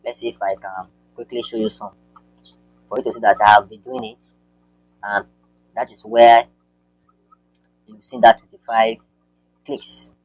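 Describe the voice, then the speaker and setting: Man giving a halting screen-share tutorial. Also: fairly low pitch, flat delivery, dry recording, poor audio. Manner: halting, repeats words, many fillers. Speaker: online marketing tutor.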